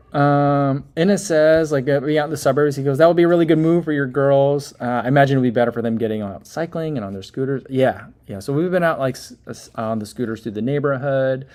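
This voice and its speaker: A man in his thirties is hosting a casual livestream, reading out viewer comments and chatting in a rambling way with plenty of fillers and little laughs. His voice is medium-pitched and a little mellow, and he speaks briskly.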